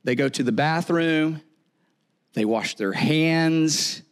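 Male pastor, higher voice, casual joking sermon delivery with repeats and asides. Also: slow pace, clear, resonant tone. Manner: conversational, jokey, repeats words and asks "right?".

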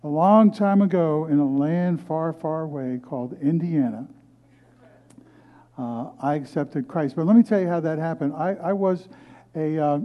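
A man's voice: on the high side, measured pace, muffled recording. An older man, a pastor, preaching a sermon and telling his own story in an earnest, storytelling way. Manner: storytelling, earnest, with frequent restarts. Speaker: guest pastor. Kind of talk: sermon testimony. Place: movie theater used as church.

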